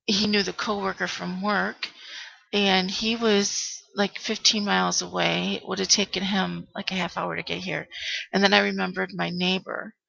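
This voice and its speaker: A middle-aged woman vlogging to her webcam, retelling a frightening day in a halting way, full of ums and restarts. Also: medium pitch, gravelly, sharp tone, lo-fi sound. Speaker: vlogger telling a personal story. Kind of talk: emotional personal storytelling to camera.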